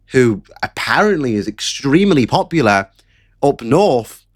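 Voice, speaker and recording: A man delivering sarcastic, mocking political commentary in a ranting live stream. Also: on the high side. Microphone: camera setup at home.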